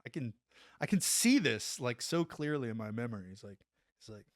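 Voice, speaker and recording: A man and former Army Ranger tells a story from his service days in a loose, profane, animated way, jumping into the voices of the people in it. His voice sits at an ordinary pitch. The recording is close and dry. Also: moderate pace, no echo. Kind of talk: casual storytelling interview.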